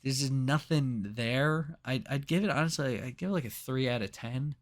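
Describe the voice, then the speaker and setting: A young man co-hosting a casual movie review podcast, animated and swearing freely. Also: medium pitch, moderate pace. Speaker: podcast co-host.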